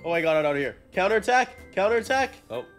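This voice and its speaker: A young man co-hosting a gaming channel, yelping in panic when in danger and muttering low otherwise. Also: racing. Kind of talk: excited gaming commentary. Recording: game music clearly behind voice.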